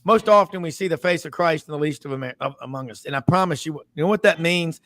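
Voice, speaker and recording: A man with a high voice hosts a casual sports talk show. He rambles through stories and slips into the voices of the people in them. The sound is dry and close. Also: fast talker, a bit bright, no echo. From Memphis, US South. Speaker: host.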